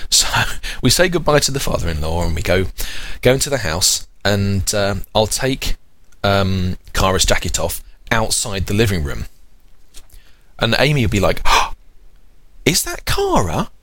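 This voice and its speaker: Male podcast host in his thirties, low voice, lively intonation, rambling and self-correcting. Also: moderate pace, dry recording. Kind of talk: casual chat.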